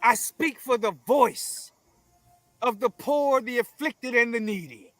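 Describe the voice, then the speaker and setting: A man speaking as an interview guest in a forceful, emphatic, preaching way, full of repetition and blunt profanity. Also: extremely high pitch, takes it slowly, no echo, soft background music. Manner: forceful, emphatic, preaching cadence with repeated phrases. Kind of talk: confrontational conversational interview.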